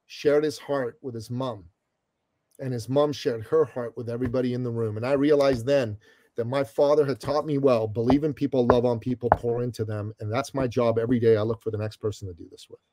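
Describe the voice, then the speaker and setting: Middle-aged guy from iran spinning a story, keeps saying brother, warm low tone. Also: fairly quick, dry recording. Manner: animated storyteller, calls host brother. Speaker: guest. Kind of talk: storytelling interview.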